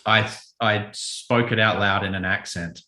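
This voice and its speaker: A man speaks in a fairly low voice with a forceful, bright edge, recorded with plenty of room echo. He talks through his answers thoughtfully, often restarting and rephrasing as he goes, in a relaxed interview manner. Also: a little slow. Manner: thoughtful, self-correcting, relaxed. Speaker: children's author and illustrator. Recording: echoey room.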